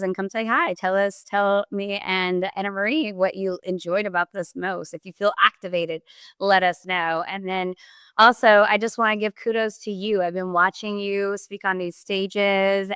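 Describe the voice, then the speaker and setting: Woman guest on a podcast, smooth clear voice, dry close sound, upbeat coach talk. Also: mid-range voice, dry recording. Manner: energetic, coaching tone with vivid examples. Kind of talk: motivational interview talk.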